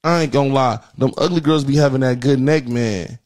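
A man's voice: brisk, darkish tone. Brash, profane man ranting. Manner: brash, profane, swings into high squeals. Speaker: host of a call-in prank show. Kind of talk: crude comedic rant and call-in chat.

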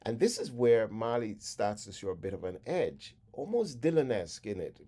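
A man giving a spoken lecture on song lyrics, in a deliberate, reflective way that sometimes drops to a hush. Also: medium pitch.

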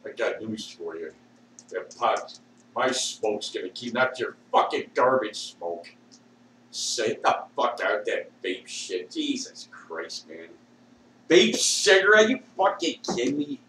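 A man ranting in a rambling way with constant swearing, swinging between shouting and low muttering, recorded at home. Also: sing-song, takes it slowly. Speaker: vlogger. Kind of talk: rambling profane rant. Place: at home with a dog. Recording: echoey room, distant mic, faint hiss.

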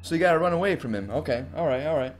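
A young man streaming a horror game, excitable and swearing, yelping at scares. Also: fairly high pitch, rapid-fire, soft background music. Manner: excitable, swearing, yelps when startled. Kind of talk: live gameplay commentary.

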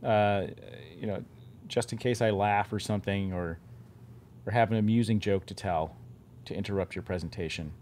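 A man's voice: on the low side, moderate pace, a little mellow, slight background noise. Streamer host, male, casual and loose, restarts and repeats mid-sentence. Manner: chatty, self-interrupting, repeats words. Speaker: game studio head hosting a stream. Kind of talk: casual live-stream chat.

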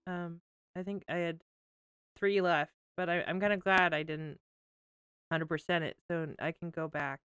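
A woman game streamer chatting casually while tearful and crying, talking in an emotional, halting way and laughing through her tears. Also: on the low side, fairly even intonation, a bit bright, smooth, dry recording, clean studio sound. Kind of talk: casual livestream chat.

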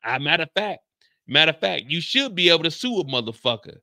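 Male recap host, casual and profane, bright tense tone with gravel, dry room. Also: on the high side, fast, no room sound. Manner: animated, profane, acts out quotes loudly.

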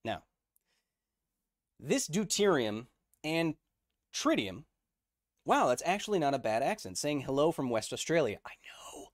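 A man's voice: on the high side, big pitch swings, measured pace, long pauses, no echo, clean studio sound. Chatty male livestream science host. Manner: conversational, checks in with viewers often; reads and answers chat messages. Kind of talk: casual livestream science explainer.

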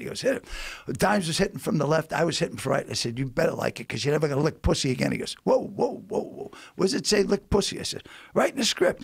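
An older man with a Boston accent, a comedian guest telling animated stories and acting out the voices in them. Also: on the high side, creaky, husky, dry recording, studio quality. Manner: animated, acts out voices in anecdotes. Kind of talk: storytelling on a podcast.

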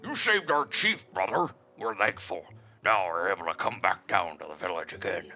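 A man's voice: sits low, animated, moderate pace, pushed and bright, soft background music, full character voice. A man voicing a big, friendly male rock creature in a hammy, cute monster voice, reading game dialogue aloud. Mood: grateful.

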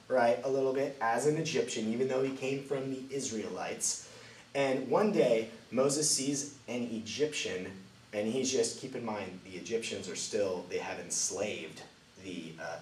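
A man teaching a children's Bible lesson as a lively storyteller, swinging between loud and hushed delivery. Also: mid-range voice. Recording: roomy, distant mic, faint ambient noise.

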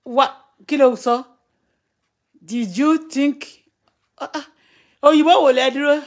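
Her voice sits high with lively intonation, a little slow and broken by frequent pauses. She is a Nigerian woman in her thirties with a Yoruba accent, chatting on a live stream, often laughing as she reads out what viewers write.

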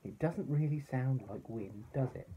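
A man voicing a timid small male toy bear in a storybook, speaking in a high, breathy whisper. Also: very animated, normal speed, mellow, a little hiss or hum. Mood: nervous.

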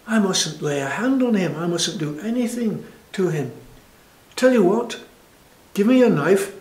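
Man playing an earnest young hero, raised high voice, echoey room, storybook telling. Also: expressive, unhurried, a little mellow. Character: young male hero leader, earnest and pleading.

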